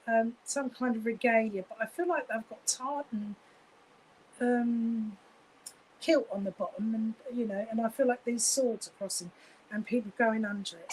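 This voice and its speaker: A woman's voice: fairly high pitch, a little mellow, slight background noise, poor audio. A woman giving live psychic readings, gushing and effusive, with many fillers and restarts.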